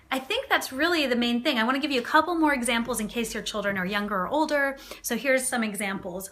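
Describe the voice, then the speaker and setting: Woman coach on a live stream, chatty, bright and forceful, a bit high. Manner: chatty, lively, with frequent fillers and tag questions; acts out parent voices in quotes. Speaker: parenting coach. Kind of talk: live video talk to viewers.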